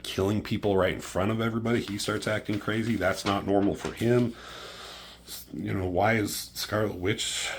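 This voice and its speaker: Profane excitable man recapping comics. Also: fairly low pitch, a little hiss or hum. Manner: profane, excitable, filler-heavy retelling. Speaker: comic book reviewer.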